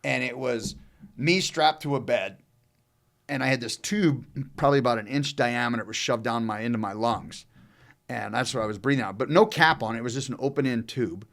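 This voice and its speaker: A man's voice: medium pitch, brisk, vocal fry. Rambling, profane man telling a story. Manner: rambling, profane, loose and animated. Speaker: podcast co-host telling a story. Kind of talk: casual storytelling chat.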